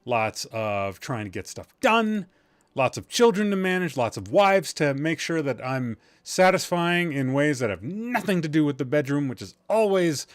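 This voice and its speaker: A man's voice: mid-range voice, dry recording, studio quality. Rambling, loopy male gaming-stream host. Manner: rambling, jokey, self-deprecating, swears casually. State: tired, a bit loopy. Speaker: podcast host. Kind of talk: casual gaming livestream chat.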